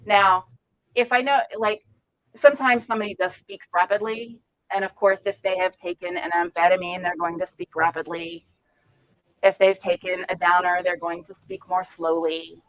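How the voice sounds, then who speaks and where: A woman leading an informal volunteer training session, talking frankly with lively asides. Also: fairly low pitch, normal speed, rough recording. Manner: frank, animated, chatty with asides and laughs.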